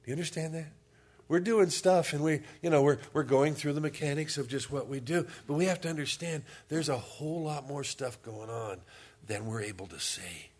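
A pastor giving a sermon in a conversational, humorous storytelling manner. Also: male voice, fairly high pitch, normal speed, a little mellow.

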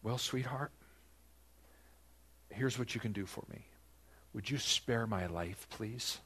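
A man voicing a young queen who softly and diplomatically pleads with a king. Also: medium pitch, slow, breathy edge. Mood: coaxing.

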